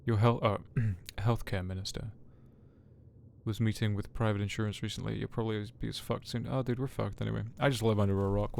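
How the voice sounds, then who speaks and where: A man commentating casually on his game stream, sweary and joking between remarks. His voice sits at a middling pitch with a gravelly edge, and game music plays faintly behind.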